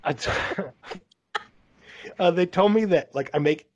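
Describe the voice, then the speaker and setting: A man hosting a casual podcast chat, rambling along and dropping "dude" into nearly every sentence. His voice sits a bit higher than most men's. The recording sounds dull and lo-fi. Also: slow, darkish tone. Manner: rambling, says "dude" a lot. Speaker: podcast host.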